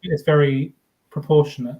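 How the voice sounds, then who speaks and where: Male co-host, a touch higher voice, relaxed explainer with casual swearing. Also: normal speed, lo-fi sound. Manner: explanatory, informal, mild swearing. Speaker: co-host of a theme park fan channel. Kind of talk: casual live-stream chat.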